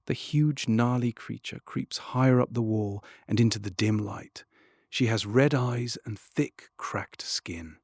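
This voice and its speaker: A man narrating a children's storybook in first person, expressive and dropping to a hush at tense moments. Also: mid-range voice, a little slow, dry recording, clean studio sound. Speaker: audiobook narrator.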